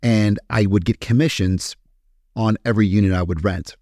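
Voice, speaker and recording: Low-voiced candid man from Kentucky. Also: normal speed, no room sound, studio quality. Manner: candid, profane, animated. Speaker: podcast guest. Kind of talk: casual storytelling interview.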